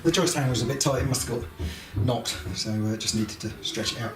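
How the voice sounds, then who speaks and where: A man's voice: medium pitch, brisk. Practical man narrating a bathroom build. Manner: plain, practical, chatty with fillers. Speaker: woodworking vlogger. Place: house under renovation, indoors. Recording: echoey room with noise.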